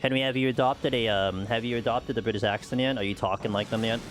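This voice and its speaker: A man from the United States speaks quickly in a steady, medium-pitched voice as he plays a game and chats casually with viewers, with faint music behind. His talk wanders, peppered with "like" and "you know."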